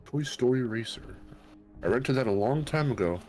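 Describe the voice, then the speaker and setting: A man's voice: medium pitch, animated, normal speed, a little mellow, faint music behind. A male streamer in casual chat who thinks aloud, rambles and swears freely.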